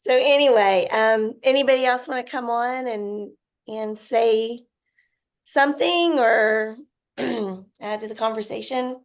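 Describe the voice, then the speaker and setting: Slow-talking, upbeat chat host. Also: female voice, on the high side. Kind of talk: casual group chat on a video call.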